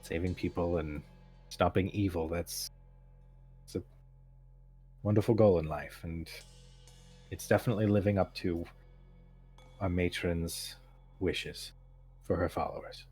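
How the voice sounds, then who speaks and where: A man's voice: low voice, steady tone, a little slow, long pauses, darkish tone, faint music behind. A man voicing a polite, stammering priestess. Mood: gentle. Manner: formal, apologetic, stammering. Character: patient, polite female temple priestess.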